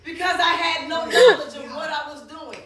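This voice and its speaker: High-voiced lady pastor telling a story, acts out everybody, sounds far off in a big echoey room. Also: moderate pace, a loud crowd. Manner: animated storytelling, acts out dialogue, laughs often. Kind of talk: sermon testimony.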